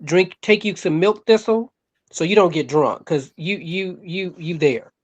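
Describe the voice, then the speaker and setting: A man's voice: high-pitched, measured pace. A man co-hosting a podcast in casual chat, laid-back and giving advice.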